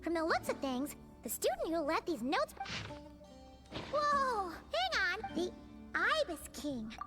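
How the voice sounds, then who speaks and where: A woman voicing a small, excitable female companion sprite in a game, with a high, squeaky, bouncy voice, over game music. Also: slow, heavily acted. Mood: excited. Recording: game audio with music behind.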